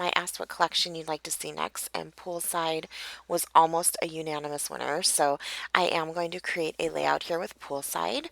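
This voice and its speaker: A woman's voice: lowish voice, gravelly, bright, forceful tone, no room sound, rough recording. A woman casually narrating her own craft tutorial from home, chatty, with small giggles and self-corrections. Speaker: papercraft tutorial maker.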